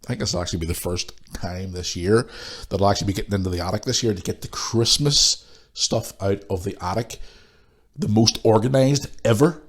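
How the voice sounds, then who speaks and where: Low-voiced man ranting with a cold. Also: quick pace, fairly bright tone, husky. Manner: blunt and swears freely, ranting. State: has a cold. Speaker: podcast host. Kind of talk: casual ranting monologue.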